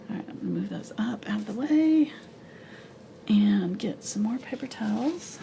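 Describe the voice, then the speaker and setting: A woman's voice: medium pitch, gravelly, background noise. A woman teaching a live painting tutorial, chatty and explaining each step as she mixes her colours, laughing easily. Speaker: painting instructor.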